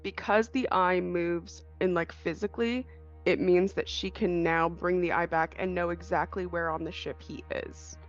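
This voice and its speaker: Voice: medium pitch, fairly even intonation, normal speed, soft background music. Rambling tabletop player on a dull mic. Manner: speculative, rambling. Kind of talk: casual tabletop play.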